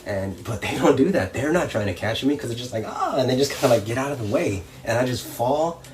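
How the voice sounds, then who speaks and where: A man's voice: mid-range voice, lively intonation, fast. A young man, a professional wrestler, telling a story casually and acting out voices and crowd reactions. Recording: slightly distant mic, faint background noise.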